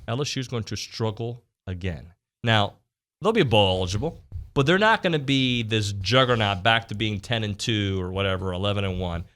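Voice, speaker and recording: A man's voice: fairly low pitch, fairly bright tone. A man hosting a sports talk show in a studio, in casual, teasing banter with his guests. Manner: jokey, upbeat, quick to tease. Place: radio studio.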